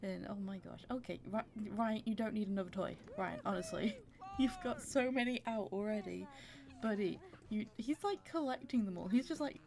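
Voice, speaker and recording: A woman's voice: medium pitch, animated, brisk, gravelly, mellow. A woman giving casual let's-play commentary, chatty and giggly, talking to her characters as she plays. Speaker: gaming channel creator.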